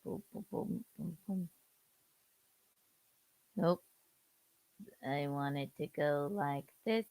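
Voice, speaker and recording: Woman host, comedic chat, lowish voice, unhurried, dry booth sound. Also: creaky, no room sound. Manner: teasing, playful, deadpan jokes. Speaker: podcast host.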